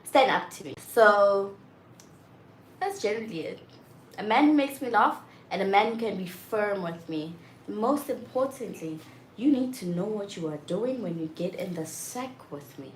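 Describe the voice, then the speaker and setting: A young woman chatting candidly and frankly, often getting loud and exasperated as she makes her point. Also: medium pitch, lively intonation, moderate pace. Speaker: vlogger. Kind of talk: candid casual chat. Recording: roomy echo with faint background noise.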